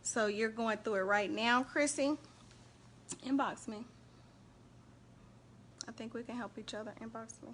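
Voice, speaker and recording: A woman hosting a casual faith and relationship live stream, chatting animatedly and shouting out viewers by name. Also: fairly high pitch, unhurried, long pauses, slight background noise.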